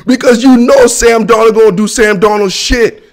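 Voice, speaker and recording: A young man hosting a football show, ranting animatedly in slangy casual talk, with shouts and laughter. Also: very high voice, steady tone, normal speed. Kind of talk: casual solo sports commentary.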